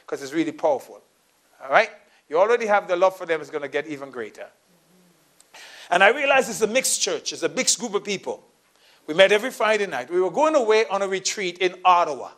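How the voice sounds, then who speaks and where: Male pastor, middle-aged, high voice; storytelling sermon delivery with quiet asides and sudden emphatic peaks. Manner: storytelling, shifts between soft asides and raised emphatic lines.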